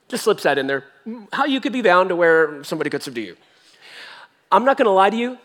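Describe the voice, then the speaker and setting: A man preaching a sermon as pastor, telling a story in an animated, joking way. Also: high voice, fast talker, pauses often. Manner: animated, jokey storytelling with acted voices. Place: church.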